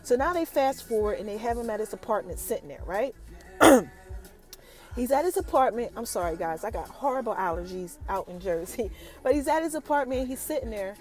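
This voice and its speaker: A woman hosting a podcast, recapping a TV episode in an animated, chatty way and talking straight to her listeners. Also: a little high, brisk, faint music behind, rough recording. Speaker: podcast host.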